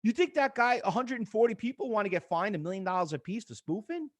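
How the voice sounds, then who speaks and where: A fast-talking, high-voiced middle-aged man is teaching a live trading class using a chart on screen. Animated throughout, the instructor tells stories and acts out quoted conversations.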